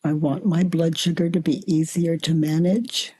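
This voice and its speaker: An older woman facilitating a self-inquiry dialogue, gently coaxing her guest and calling her honey. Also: deep voice, steady tone, breathy edge. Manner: gentle, slow, coaxing with endearments.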